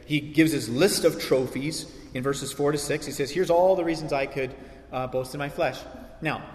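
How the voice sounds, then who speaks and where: A male pastor preaching a sermon, animated, acting out quoted voices with sarcasm. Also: medium pitch. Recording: echoey hall reverb.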